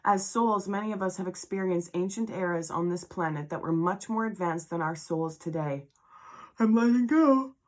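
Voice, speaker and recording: A woman doing a tarot reading in an emotional spiritual vlog, reading card text slowly and breaking into heartfelt asides. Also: on the low side. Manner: murmured affirmations. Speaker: tarot reader.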